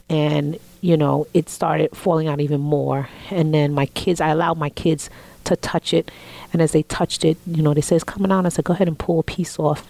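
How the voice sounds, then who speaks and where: A woman in her forties tells a heartfelt personal story, her voice sitting a little low. She often sinks into soft whispers when quoting her family. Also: gravelly, rough recording. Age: 40s. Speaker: interview guest.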